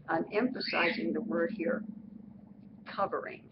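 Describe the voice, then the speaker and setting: A woman teaching a Bible study lesson, explaining slowly and repeating key phrases. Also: on the low side. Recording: muffled recording with steady background noise.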